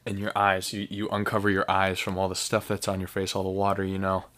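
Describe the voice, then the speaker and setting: Rambling low-voiced man reviewing beer. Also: monotone, a little fast, fairly bright tone. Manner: rambling, enthusiastic, lots of fillers and restarts. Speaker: podcast host. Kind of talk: casual solo podcast, beer review.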